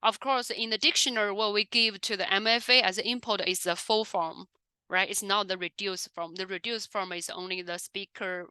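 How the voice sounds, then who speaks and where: A woman's voice: mid-range voice, fairly even intonation, normal speed, bright, forceful tone, clean tone, dry recording. A woman giving an academic research talk, explaining step by step with frequent fillers and self-corrections. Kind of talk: academic conference presentation.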